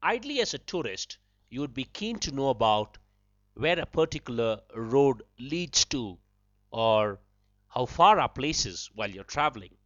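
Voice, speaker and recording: A man hosting a podcast language lesson, patiently repeating phrases slowly and breaking them into single words. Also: mid-range voice, very animated, fairly bright tone, no room sound. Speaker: podcast host teaching a language. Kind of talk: slow spoken language lesson. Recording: dull lo-fi dry recording.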